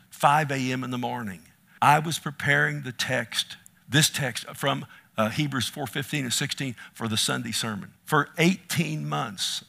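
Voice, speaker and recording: A middle-aged man preaching an impassioned sermon, swinging from hushed, slow words to loud calls. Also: medium pitch, vocal fry. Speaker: pastor.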